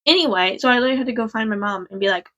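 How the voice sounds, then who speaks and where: A woman's voice: on the high side, rapid-fire, a bit bright, lo-fi sound. A young woman talking casually to her viewers in a vlog, rambling with lots of fillers and frequent swearing. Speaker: vlogger.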